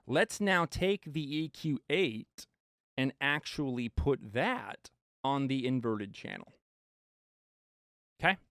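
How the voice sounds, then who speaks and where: A male mixing engineer giving an animated studio tutorial, with playful asides to viewers. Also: mid-range voice, takes it slowly, pauses often, no echo.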